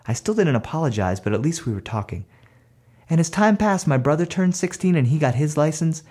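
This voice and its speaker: Man, storyteller, personal tale, animated, conversational. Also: fairly high pitch, fairly quick, husky. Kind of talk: personal story told aloud.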